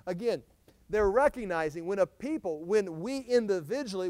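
A man preaching verse by verse through a Bible passage, reading the scripture with rising emphasis and then explaining it in a lower, conversational tone with fillers and restarts. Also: animated, moderate pace, darkish tone, no room sound. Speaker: pastor.

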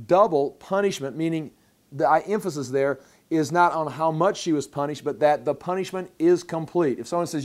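A man with a somewhat high-pitched voice teaches through a Bible passage like a pastor. He talks conversationally and reads verses aloud. He often repeats words as he gathers his thoughts. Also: normal speed, a little mellow.

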